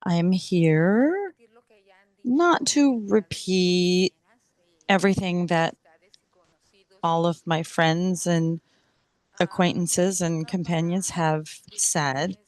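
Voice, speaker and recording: A woman interpreting public comments at a council meeting into English, speaking in a slow, measured, deliberate way. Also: on the low side, a little mellow, dry recording.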